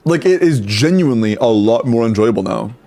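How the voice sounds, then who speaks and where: Young adult male streamer, relaxed chatter, quick greetings, casual cursing. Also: mid-range voice. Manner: chatty, greets chat rapidly, swears casually. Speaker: streamer reviewing game accounts. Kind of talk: casual live stream chat.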